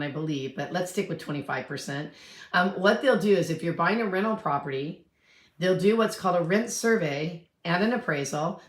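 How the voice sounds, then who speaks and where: A woman's voice: on the low side, a bit bright, echoey room. A woman in her fifties, a real estate agent, chatting casually on a livestream, rambling and answering viewer questions.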